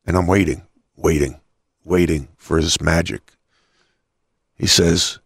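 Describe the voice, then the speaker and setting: A man's voice: deep voice, steady tone, slow pace, vocal fry, long pauses, no room sound, clean studio sound. A man hosting an interview, rambling through anecdotes with frequent restarts. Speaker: host. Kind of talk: casual interview talk.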